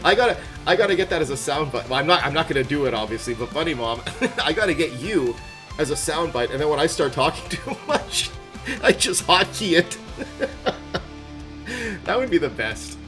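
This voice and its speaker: A man's voice: a little high, very animated, moderate pace. A man chatting casually on a live game stream, upbeat and rambling, laughing often. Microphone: headset. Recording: background music playing loudly. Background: music.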